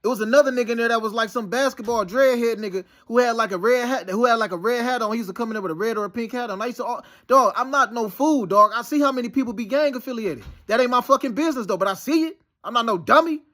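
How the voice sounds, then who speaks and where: A man pours out a rambling, profane monologue that stays heated and insistent. His voice sits high for a man. He talks quickly. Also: a bit bright. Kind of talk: casual monologue.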